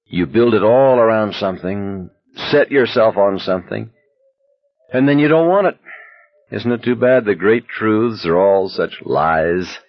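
A man's voice: lowish voice, unhurried, no echo, dull audio. A man doing a bitter, cynical young man. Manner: dry and cynical.

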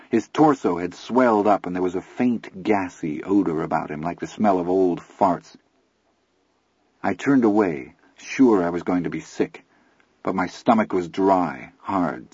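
Low husky guy reading an audiobook, dry dull lo-fi sound. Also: darkish tone, no echo. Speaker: audiobook narrator. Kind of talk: scripted narration.

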